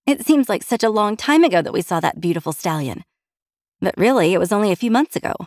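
A woman voicing an excitable pregnant young wife who is easily alarmed, with high, urgent exclamations in an audiobook. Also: quick pace, no room sound, studio quality, lightly acted. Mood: excited. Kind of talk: audiobook character voice.

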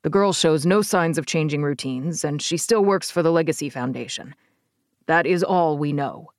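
An unflappable male henchman, voiced by a woman narrator who answers in an even, deadpan tone. His speech is low-key and blunt, never raised. Close, dry audiobook sound. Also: normal speed, no room sound, lightly acted. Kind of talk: audiobook character voice.

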